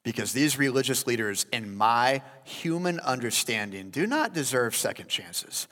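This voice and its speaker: An animated male pastor preaching a sermon, calling his listeners guys. His voice sits at an ordinary middle pitch. A long hall reverb trails behind him. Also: moderate pace.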